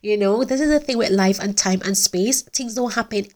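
A woman's voice: mid-range voice, moderate pace, a little mellow. Middle-aged woman host, earnest and heartfelt casual podcast delivery. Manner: earnest, heartfelt, many restarts. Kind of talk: casual faith-based podcast talk.

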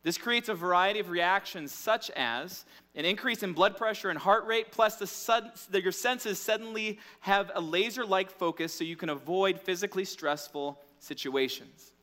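A man's voice: high voice, moderate pace, few pauses, sharp tone. A man in his thirties, a pastor preaching a sermon in a conversational, candid way. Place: church. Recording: reverberant church hall.

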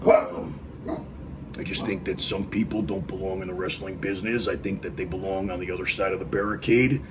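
A man's voice: sits low, steady tone, fairly quick, background noise. A man answering fan questions in a casual live stream from home, rambling with lots of fillers and "you know what I mean.". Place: home with dogs barking nearby.

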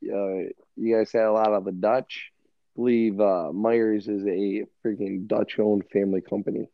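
A man co-hosting a casual podcast, profane and animated as he tells stories. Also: lowish voice, measured pace, dry recording. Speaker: podcast co-host. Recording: dull lo-fi sound.

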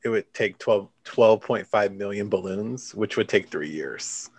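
A man co-hosting a casual chat, relaxed and chatty, laughing often and leaning on "like" as he talks. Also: fairly low pitch, measured pace, husky, dry recording.

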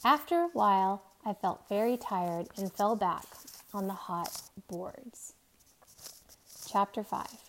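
A woman reading a novel aloud in a steady, soft, measured way. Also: mid-range voice. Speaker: reader.

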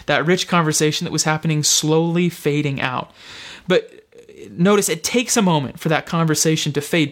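A man preaching a sermon, retelling a scene in a reflective, storytelling way with slow, deliberate phrasing and pauses. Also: fairly high pitch.

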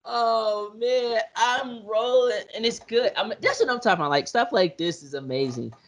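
A man co-hosting a casual podcast chat, talking loosely and laughing as he retells TV scenes. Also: normal speed. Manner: animated, laughing, acts out scenes in high put-on voices. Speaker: podcast co-host.

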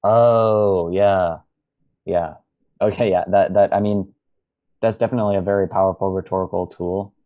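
A man co-hosting a podcast, speaking in a measured, thoughtful way with halting restarts. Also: low-pitched, fairly even intonation, narrow, tinny audio. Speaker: podcast co-host. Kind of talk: casual podcast discussion.

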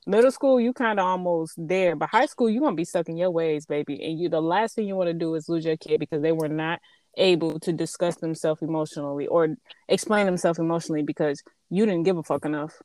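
A woman's voice: sits low, quick pace, a little mellow, no room sound. A woman and mother speaking in a casual chat, blunt and emphatic, swearing freely. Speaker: podcast co-host and mother.

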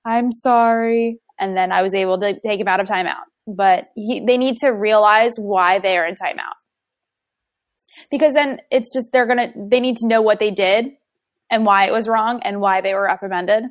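A woman's voice: mid-range voice, steady tone, normal speed. A young woman and mother chatting casually about parenting, telling stories with lots of "like" fillers. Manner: chatty, filler-heavy storytelling with laughs. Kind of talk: casual chat.

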